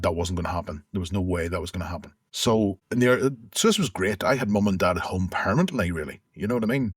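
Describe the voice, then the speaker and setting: A middle-aged man speaks in a low, slightly husky voice, recalling his past in a candid, conversational way and often restarting his sentences. The recording is close and dry, with little room sound around him. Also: dry recording. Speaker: interview guest. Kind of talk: candid personal storytelling.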